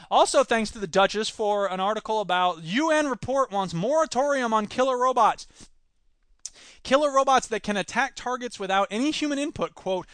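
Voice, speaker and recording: A man's voice: sits high, a bit bright, no echo. A man hosting a solo podcast, commenting on news with sarcastic, rambling asides. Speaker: podcast host.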